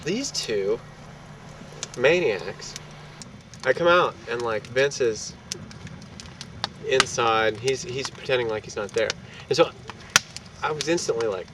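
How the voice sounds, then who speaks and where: A man of middle pitch tells a wild anecdote with swagger and plenty of swearing, jumping into the voices of the people in it. He sits well back from the mic, out on a city street with loud traffic rolling past. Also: takes it slowly, long pauses, distant mic. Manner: animated, profane, acts out quotes. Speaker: storyteller. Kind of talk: casual anecdote.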